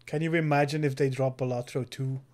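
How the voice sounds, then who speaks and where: A man's voice: mid-range voice, steady tone, a little fast, darkish tone. Earnest man recommending a game. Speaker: podcast co-host. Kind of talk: casual chat.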